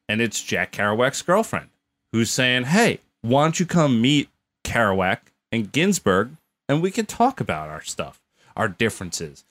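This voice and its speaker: A man's voice: mid-range voice, big pitch swings, unhurried, a bit bright. A man co-hosting a podcast, telling a story in a blunt, opinionated way with casual swearing. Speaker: podcast co-host. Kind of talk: casual chat.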